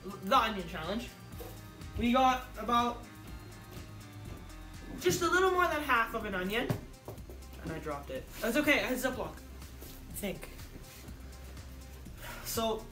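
A woman vlogging in a casual, playful way, joking with her viewers and breaking into sudden loud exclamations. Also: fairly high pitch, animated, normal speed, long pauses, soft background music. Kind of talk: casual vlog chat.

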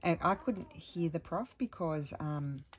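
A middle-aged woman chatting at home as a crafting vlogger, telling a rambling story with many restarts and sometimes dropping to a hushed voice. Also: sits low, lively intonation, unhurried, slight background noise. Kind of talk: casual chat while crafting.

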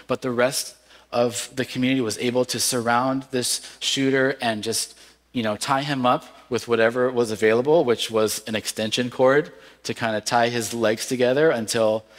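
A pastor preaching a sermon in an earnest, measured way, with cries of lament now and then. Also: male voice, medium pitch. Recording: long hall reverb.

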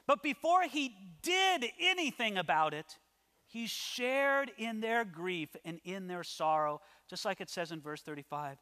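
Bright-voiced pastor preaching in a hall. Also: male voice, very high voice. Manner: earnest, moving between hushed asides and emphatic declarations. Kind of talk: sermon. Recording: long reverb of a large hall.

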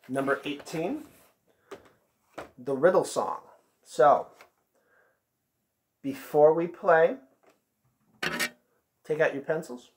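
A man teaching an online band lesson, patiently counting beats aloud and calling out note names. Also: on the high side.

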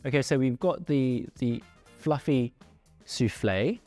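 A man's voice: mid-range voice, expressive, takes it slowly, faint music behind. A man casually presenting and reviewing food on camera, chatty and jokey with playful asides.

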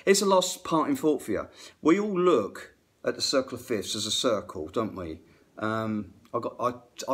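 A middle-aged man, a guitar tech, chatting to camera about music theory in a rambling, excitable way that often interrupts itself. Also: mid-range voice. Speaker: guitar tech and aspiring guitar teacher. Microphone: phone camera.

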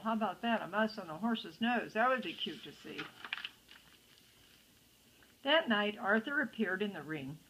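A woman's voice: mid-range voice, pushed and bright, slightly rough, poor audio. An older woman reading a picture book aloud to children, adding chatty asides to the listeners. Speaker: storytime reader.

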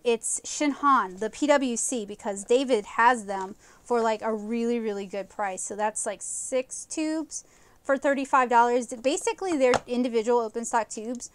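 A woman's voice: on the high side, clean tone, no echo. A woman comic artist chatting enthusiastically through a live watercolor painting tutorial, rambling with fillers as she loses her voice. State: losing her voice.

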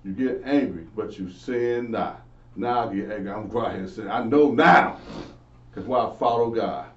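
An earnest man with a fairly low voice gives an informal Bible lesson at a moderate pace, preaching and posing questions he then answers himself. The recording is echoey, distant, and dull, with a lo-fi quality.

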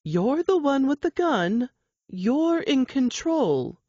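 A woman voicing a calm, brave woman who talks down a gunman, slow and soothing. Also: high voice, dry recording, dull audio, pitched above the performer's own voice, heavily acted.

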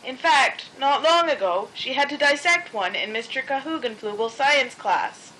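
A woman reading a children's picture book aloud in a gentle, expressive way. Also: high-pitched, normal speed, slight background noise, low-quality recording. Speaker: storybook narrator.

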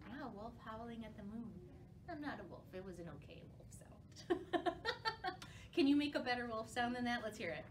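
Lively high-voiced woman reading to kids. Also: brisk, background noise. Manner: animated, playful, addressing young kids. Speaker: children's librarian. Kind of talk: children's storytime reading and rhymes. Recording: voice from a distance from the mic, faint ukulele. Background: faint ukulele.

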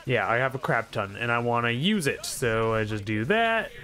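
A man's voice: mid-range voice, animated, moderate pace, pushed and bright. A young man giving rambling, sarcastic commentary while playing a video game, often talking back to the characters on screen. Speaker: gaming channel host. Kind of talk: casual gameplay commentary.

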